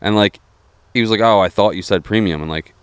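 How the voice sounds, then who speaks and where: A man's voice: lowish voice, a little fast, clean tone, no room sound. A man co-hosting a podcast, rambling in casual chat, hedging a lot and swearing. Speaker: podcast co-host.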